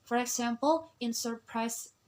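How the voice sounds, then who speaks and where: A young woman explaining a class assignment as a student, hesitant, with frequent pauses and fillers. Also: fairly high pitch, darkish tone, poor audio. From Indonesia. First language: Indonesian. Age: young adult. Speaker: student presenter.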